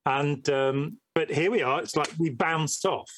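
A man's voice: on the high side, measured pace, fairly bright tone. A man talking casually as a podcast guest, telling stories in a rambling way with many fillers. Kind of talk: casual conversation.

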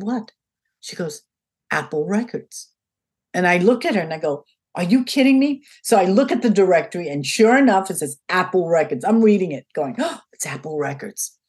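Husky older woman telling a lively story. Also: medium pitch. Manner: animated, acts out quoted dialogue in changing voices. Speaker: guest. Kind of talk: casual storytelling in an interview.

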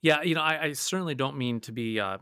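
A man's voice: mid-range voice, quick pace, bright, forceful tone, clear, resonant tone, no echo, studio quality. A man who is a pastor, talking earnestly on a podcast, often repeating words as he thinks. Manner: earnest, repeats words while thinking, mimics voices in anecdotes. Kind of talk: conversational podcast discussion.

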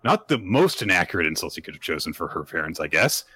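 A man's voice: low-pitched, big pitch swings, fast talker, pushed and bright, slightly rough, dry recording. A man co-hosting a podcast, chatting casually as he recaps manga chapters, with frequent restarts and laughs. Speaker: podcast co-host.

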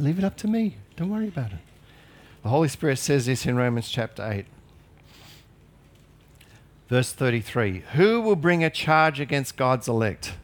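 A male pastor preaching a sermon in an earnest, emphatic way with light humorous asides. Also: mid-range voice.

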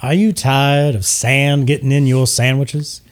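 A man voicing a smooth male tiefling resort mogul with a slick showman's sales pitch. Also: flat delivery, unhurried, close to an everyday voice. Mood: slick salesy.

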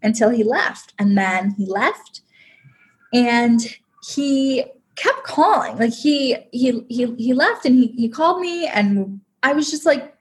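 A woman's voice: a little high, animated, measured pace. Chatty woman telling a love story. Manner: chatty, heavy use of "like", emotional. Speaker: podcast guest. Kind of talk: personal storytelling.

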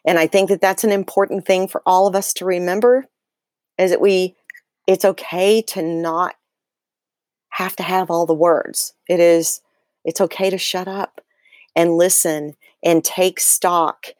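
A middle-aged woman, excitable and animated, talking casually as a guest on a faith podcast. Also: fairly low pitch, a little slow, no room sound, studio quality.

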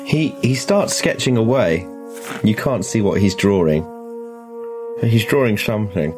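A man narrates as game master of a tabletop horror game, often halting and restarting as he goes. His voice is low and deep. Music plays clearly underneath. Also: animated.

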